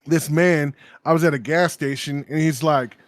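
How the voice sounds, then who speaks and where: A man's voice: a little high, fairly even intonation, moderate pace, dry recording, clean studio sound. A man in his thirties co-hosting a podcast, telling a story casually, laughing often and acting out other people's lines. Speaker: podcast co-host.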